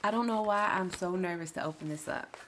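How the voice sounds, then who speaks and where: A vlogger with a lowish, fairly bright voice talks a little fast and emotionally from her home office, laughing and restarting as she chats. A tripod-mounted camera records her, with slight background noise.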